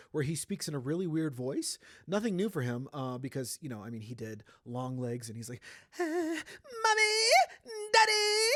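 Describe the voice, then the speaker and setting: A man's voice: medium pitch, a little mellow, dry recording. Male podcast host, playful and chatty, mid-range voice, dry close mic. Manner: chatty, playful, jumps into sung sounds and silly voices. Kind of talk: casual pop culture news chat.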